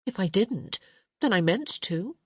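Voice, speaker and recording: A woman's voice: mid-range voice, lively intonation, unhurried, darkish tone, husky, dry recording, studio quality. A woman voicing a tart, impatient young lady who bickers with her brother in an audiobook. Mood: exasperated. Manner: tart and firm.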